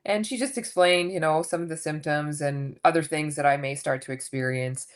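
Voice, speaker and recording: Woman, 50s, low voice, frank storyteller guest on a chat podcast. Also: normal speed. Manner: candid, animated, swears casually. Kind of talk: casual interview storytelling.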